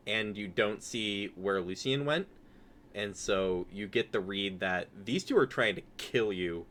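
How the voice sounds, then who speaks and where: A man's voice: on the low side, a bit bright. A man running a tabletop game as game master, narrating loosely with lots of fillers.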